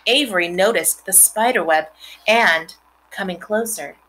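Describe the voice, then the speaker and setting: A woman reading a children's novel aloud, expressive, with chatty asides to her listeners. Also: mid-range voice, unhurried, slight background noise, rough recording. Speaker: reader.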